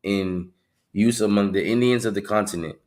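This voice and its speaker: A man reading passages aloud during a Bible study, slowly, stumbling over some words. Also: lowish voice, a little mellow.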